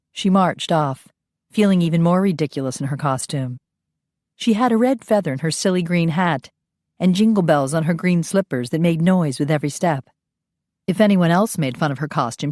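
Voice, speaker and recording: Woman, audiobook narrator, low voice, dry close read, steady, measured. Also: dry recording.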